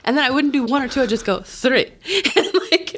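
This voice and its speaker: Animated, laughing woman comedian. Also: high voice, fast talker, slightly rough. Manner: animated storytelling, laughs often. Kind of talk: casual podcast chat.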